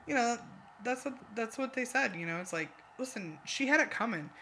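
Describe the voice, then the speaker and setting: A co-host on a casual podcast, recapping a reality show with animated, exasperated asides. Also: mid-range voice, a little fast, slight background noise.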